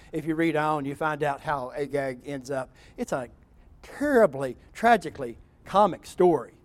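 Animated high-voiced preacher. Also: male voice. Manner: animated, wry, acting out scripture. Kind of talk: sermon.

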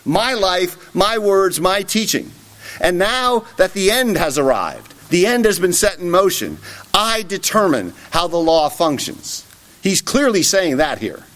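A man's voice: sits high, sing-song, unhurried, a bit bright. A man preaching an expository sermon, emphatic and often checking in with a rhetorical "right?".

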